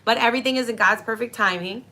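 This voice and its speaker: Bright-voiced young woman gushing to viewers. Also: a little high, quick pace. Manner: effusive, grateful, talks to viewers directly. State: tearful with happiness. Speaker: astrology livestream host. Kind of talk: casual emotional astrology talk.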